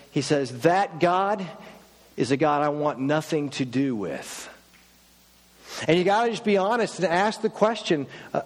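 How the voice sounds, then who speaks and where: A male pastor delivering a sermon, asking one rhetorical question after another with rising emphasis. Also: a little high. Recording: long hall reverb.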